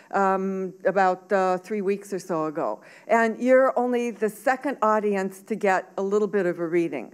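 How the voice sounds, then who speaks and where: A woman's voice: mid-range voice, smooth. An older woman from Southern Oregon, a teacher educator giving a talk and reading from her own novel, thoughtful with frequent fillers and restarts.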